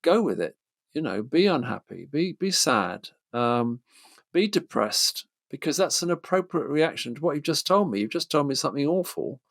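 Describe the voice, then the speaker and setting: A man's voice: on the high side, big pitch swings, normal speed, vocal fry, no echo. A middle-aged man, a therapist from Britain, speaking thoughtfully and hesitantly with many fillers. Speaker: therapist guest. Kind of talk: casual conversation.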